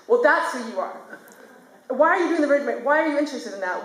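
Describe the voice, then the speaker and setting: A woman's voice: sits high, animated, rapid-fire, a bit bright. Chatty young woman on a theater stage. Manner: rambling, chatty storytelling with many fillers. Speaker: animator presenting her work. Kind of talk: casual onstage talk. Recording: echoey theater room.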